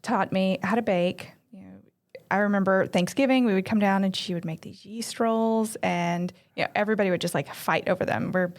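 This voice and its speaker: A woman from Arkansas, a pastry chef guest, telling her story in relaxed conversation. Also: medium pitch, brisk. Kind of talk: casual interview chat.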